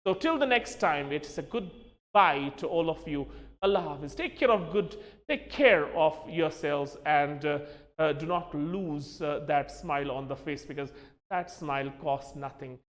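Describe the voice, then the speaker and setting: A man's voice: a little high, lively intonation, unhurried, fairly bright tone. Man teaching English, echoing room. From Kashmir. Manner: spells words out letter by letter, addresses "my dear friends". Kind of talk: spoken English lesson.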